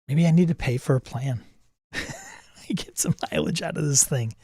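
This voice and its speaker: Gravelly guy hosting, slow wry asides, dry close sound. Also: medium pitch, mellow, no echo. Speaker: host. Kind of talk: casual game narration.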